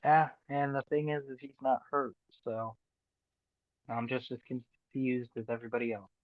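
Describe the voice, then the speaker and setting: A man co-hosting a podcast in casual chat, playful and given to loud bursts of chanting. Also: medium pitch, flat delivery, moderate pace, no echo. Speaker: podcast co-host. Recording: dry tinny phone-like line.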